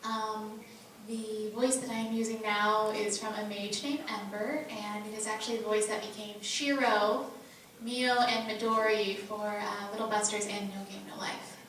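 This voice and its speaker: Bright-voiced woman on a panel. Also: mid-range voice, little pitch movement, moderate pace, a little hiss or hum. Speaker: voice actress panelist. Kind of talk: convention panel chat. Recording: echoey hall from far off.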